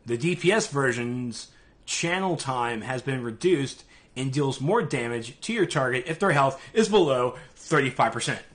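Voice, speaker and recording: A man's voice: mid-range voice, expressive, normal speed, a bit bright. A man with a Southern US accent hosting a casual gaming podcast, chatty and sometimes mumbling. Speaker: podcast host. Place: live-streamed podcast.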